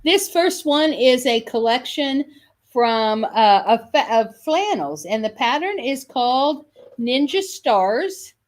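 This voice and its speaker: A woman's voice: sits high, expressive, takes it slowly. A woman hosting a live sales video for quilt kits, chatty and enthusiastic, often correcting herself mid-sentence. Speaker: shop host selling quilt kits.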